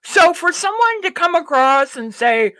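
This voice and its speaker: A woman host with a high, bright voice ranting bluntly through a livestream commentary. She curses freely and rambles with restarts. Her pitch swings all over the place while she keeps an unhurried pace. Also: very animated, no echo. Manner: rambling with restarts and self-talk. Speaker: show host.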